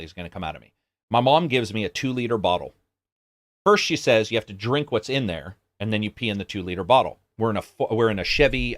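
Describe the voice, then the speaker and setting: A man co-hosting a casual podcast, telling stories in an animated, profane way. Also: on the low side, no echo. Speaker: podcast co-host. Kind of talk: casual chat.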